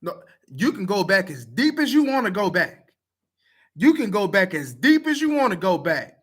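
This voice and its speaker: A man's voice: sits high, big pitch swings, normal speed, breathy edge. A man talking straight to camera, blunt, profane and heated, repeating himself to press his point. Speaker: video commenter. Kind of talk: casual talk to camera.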